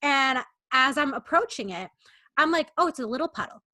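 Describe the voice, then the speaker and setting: A woman's voice: sits high, lively intonation, moderate pace, pushed and bright, no room sound. A young adult woman co-hosting a podcast, telling a rambling, self-mocking story in a casual chat. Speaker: podcast co-host.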